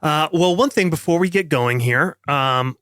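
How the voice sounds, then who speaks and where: A man's voice: fairly high pitch, measured pace, fairly bright tone, dry recording. A man hosting and running a tabletop game as game master, chatting casually and rambling a bit. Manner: rambling, joking. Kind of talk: casual chat.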